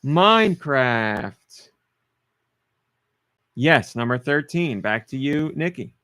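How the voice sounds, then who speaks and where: A man's voice: medium pitch, lively intonation, slow, bright, forceful tone, clear, resonant tone, dry recording, studio quality. A man hosting a casual podcast, running a guessing game with playful teasing. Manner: playful, teasing quiz-master. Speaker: podcast host.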